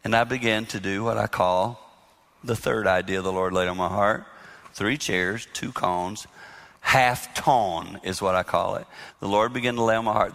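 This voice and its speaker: A man giving a live marriage talk to an audience, speaking emphatically and dropping to a hushed voice when he quotes himself. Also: lowish voice, moderate pace, gravelly, in a large hall. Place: hall with audience.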